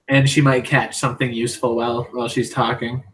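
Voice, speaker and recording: A man's voice: mid-range voice, flat delivery, normal speed, a bit bright, slight background noise, low-quality recording. A man playing a tabletop game, describing his character's actions in a casual, laid-back way. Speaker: player.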